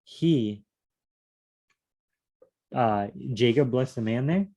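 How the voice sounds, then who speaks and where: A man leading a casual solo Bible study, reading verses aloud and then musing on them out loud with questions. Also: medium pitch, animated, drawn-out words.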